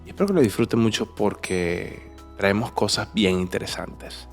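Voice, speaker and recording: A man's voice: on the low side, lively intonation, a little fast, creaky, soft background music. Man hosting a bilingual podcast. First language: Spanish. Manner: enthusiastic, repeats and restarts, slips between languages. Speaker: podcast host.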